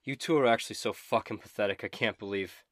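A man's voice: fairly low pitch, fast talker, a bit bright, no echo, studio quality, lightly acted. A man playing a sneering, foul-mouthed villain. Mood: taunting. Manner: taunting, swearing. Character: sneering, vicious male villain fighter.

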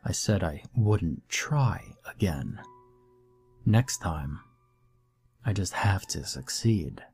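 A man voicing a hurt, quietly angry teenage boy. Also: low voice, lively intonation, takes it slowly, creaky, slightly rough, soft background music, exaggerated voice. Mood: resolute. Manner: subdued, frustrated.

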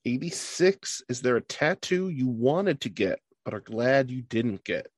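Lively, playful male interview host. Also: medium pitch, unhurried, no room sound, clean studio sound. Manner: playful, upbeat, jokey reactions. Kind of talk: rapid-fire question interview. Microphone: video call.

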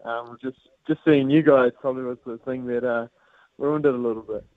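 A young man from New Zealand with a New Zealand accent, calling in to a radio show for casual chat, relaxed and laughing along. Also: medium pitch, brisk, no echo. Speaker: guest on the phone. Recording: tinny phone line.

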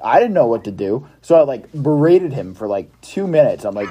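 A man's voice: medium pitch, expressive, moderate pace, hardly any pauses, over a noisy crowd. A young man telling a camp counselor story casually, swearing and acting out his own outbursts. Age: young adult.

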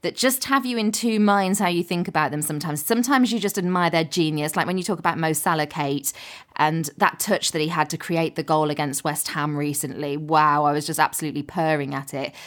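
Woman, lowish voice, podcast co-presenter, thoughtful casual chat. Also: fairly even intonation, fairly quick. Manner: thoughtful, musing opinions.

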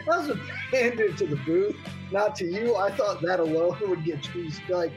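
Excited male podcast panelist. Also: sits high, moderate pace, music in the background, low-quality recording. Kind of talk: casual chat.

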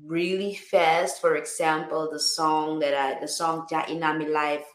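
A woman's voice: low-pitched, flat delivery, unhurried. Woman guest with a roomy echo. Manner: reflective, repeats words and restarts often. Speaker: singer-songwriter guest. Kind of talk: casual interview chat.

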